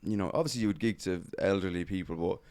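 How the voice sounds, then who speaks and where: A man's voice: low-pitched, quick pace, a little mellow, no echo. A young man and stand-up comedian telling stories in a loose, sweary podcast chat.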